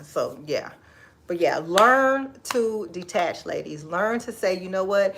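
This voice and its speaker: A woman in her forties chatting casually on a livestream from her kitchen, sassy and expressive, laughing often and giving advice to viewers she calls girl and baby. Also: lowish voice, takes it slowly, creaky, a little hiss or hum. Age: 40s. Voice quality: expressive, laughs often, Southern Black American vernacular turns. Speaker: livestream host. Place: home kitchen.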